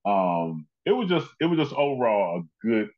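A man's voice: lowish voice, very animated, normal speed. Effusive man, muffled audio. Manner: effusive, talks in loose run-on stories. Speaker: host. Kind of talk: casual conversation.

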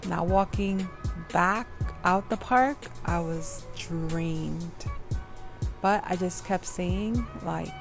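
A young woman vlogger chatting casually and softly, drained and out of breath, full of "like"s. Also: on the low side, very slow, vocal fry. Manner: soft, tired, filler-heavy talk. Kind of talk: casual vlog chat. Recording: music playing behind.

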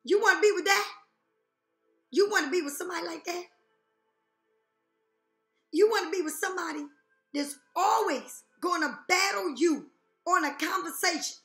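Woman tarot reader, brassy and high, profane and direct, echoey room with faint music underneath. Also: fairly bright tone. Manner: blunt, profane, rhetorical questions. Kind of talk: intuitive reading to viewers.

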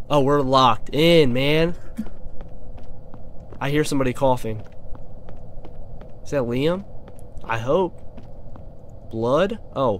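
A young man with an excitable, profane manner, commentating a horror game let's play and talking straight to his viewers. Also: medium pitch, slight background noise. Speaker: gaming YouTuber.

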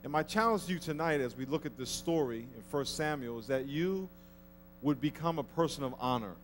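A man's voice: on the high side, lively intonation, fairly quick, soft background music. A man pastor preaching a sermon, telling a story in a casual way and then pressing his point with rising force. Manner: conversational storytelling, building to emphatic exhortation. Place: church.

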